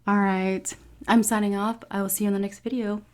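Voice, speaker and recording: A woman's voice: mid-range voice, flat delivery, brisk, heavy background noise. A tired woman talking candidly to her viewers in a casual home food vlog, swearing freely and often saying "you guys". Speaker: food vlogger.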